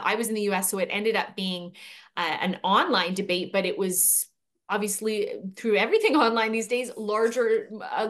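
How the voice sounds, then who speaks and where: A woman's voice: mid-range voice, a bit bright. A woman from Canada, a guest speaker and author, answering interview questions in fluent, articulate storytelling.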